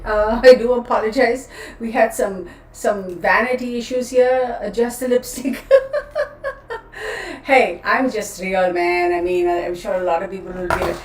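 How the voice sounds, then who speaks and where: A woman hosting a casual livestream, chatty and scattered, often laughing at herself. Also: medium pitch. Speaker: tarot livestream host. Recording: roomy, distant camera audio.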